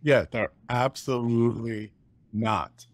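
A man's voice: medium pitch, steady tone, takes it slowly, dry recording. A man hosting a casual interview, who agrees often and reflects back on what the guest says. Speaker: host.

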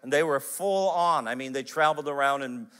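Bright-toned preacher telling lively stories. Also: male voice, medium pitch, smooth. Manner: animated storyteller, quick bursts of emphasis. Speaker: pastor. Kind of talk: sermon with personal stories.

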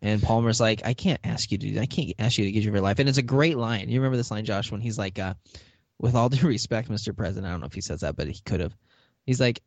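A man's voice: fairly low pitch, fast, no echo. A man hosting a podcast, chatting casually as he recaps a TV episode and acts out the characters' lines. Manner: lively retelling, acting out characters' lines with laughs. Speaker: podcast host.

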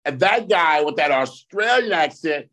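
A man co-hosting a casual podcast chat. He talks in an animated, swearing way, and his voice leaps high when he gets worked up. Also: a little slow. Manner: animated, swearing, jumps into high-pitched outbursts when riled. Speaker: podcast co-host.

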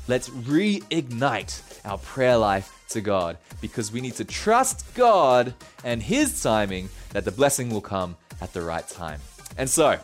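A man preaching a sermon as pastor, conversational and animated, laughing often as he talks. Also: mid-range voice.

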